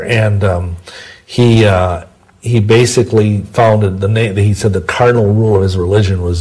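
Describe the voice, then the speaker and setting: A man with a very low, husky voice and a mellow, dark tone, answering questions in a long interview. He talks in a rambling, digressive way. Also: rough recording. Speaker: interview guest. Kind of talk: long-form interview, storytelling.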